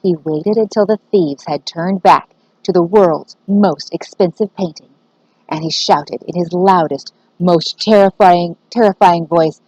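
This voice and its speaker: A woman teacher reading a children's book aloud, expressive and aimed at young listeners. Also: on the low side, measured pace, breathy edge, dry recording, rough recording.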